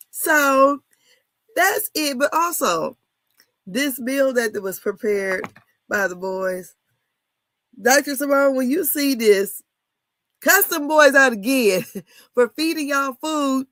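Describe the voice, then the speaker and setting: A woman's voice: sits high, expressive, slow pace, long pauses, a bit bright, no echo. A woman in her fifties chatting casually about a reality show, candid and blunt, laughing often and cussing freely. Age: 50s. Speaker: reality TV commentator. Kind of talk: casual chat.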